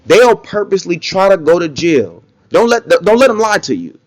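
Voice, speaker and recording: A man giving blunt, casual opinion commentary in an animated way, often mocking others with quick impressions. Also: high-pitched, no room sound. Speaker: commentary vlogger.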